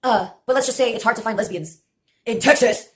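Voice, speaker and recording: High-voiced, profane young woman rambling. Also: a little fast. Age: late 20s. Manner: laughs mid-sentence. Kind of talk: rambling personal monologue.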